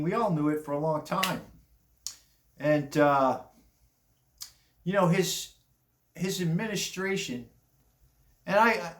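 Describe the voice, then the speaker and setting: Older male commentator, rambling and blunt, slightly raised pitch, recorded in an echoey room. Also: fairly bright tone. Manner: rambling, blunt, chuckling asides. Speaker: commentary vlogger. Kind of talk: casual opinion monologue.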